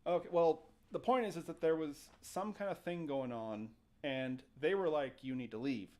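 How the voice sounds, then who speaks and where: A man's voice: fairly high pitch, moderate pace. A man hosting a casual show, telling a ghost story with jokes and acted-out quotes. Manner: animated, jokey, acts out quotes. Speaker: podcast host.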